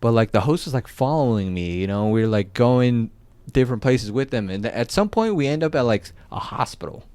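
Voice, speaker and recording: A young man spins a long, rambling story in a casual podcast chat, tossing in filler words and curses. His voice sits at an ordinary pitch, and the recording is dry and close. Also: brisk, clear, resonant tone, dry recording. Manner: animated, swears often, lots of "like" fillers. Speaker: podcast co-host.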